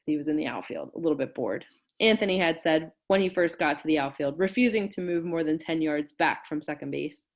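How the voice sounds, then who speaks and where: A woman teacher reads a chapter aloud to her students, her voice sitting a little low. She acts out the dialogue with lively jumps in pitch and loudness, then drops into plain asides that explain words to the class. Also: moderate pace.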